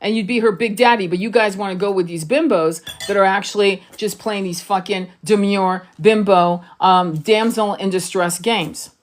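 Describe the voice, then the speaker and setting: A woman's voice: mid-range voice, fairly even intonation, moderate pace, hardly any pauses. A woman who reads tarot and twin flames, talking to camera in a blunt, profane and emphatic way and repeating herself for stress. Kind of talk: casual monologue to camera.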